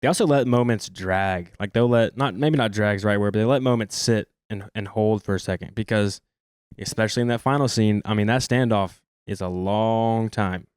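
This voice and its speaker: A man co-hosting a casual film podcast, talkative and quick to laugh. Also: on the low side, a little mellow, clear, resonant tone, no echo, studio quality. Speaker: podcast co-host.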